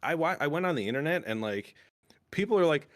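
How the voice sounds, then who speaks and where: A man hosting a casual podcast, recapping a TV episode in a rambling, excitable way and swearing freely. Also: fairly high pitch, fast. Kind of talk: casual chat.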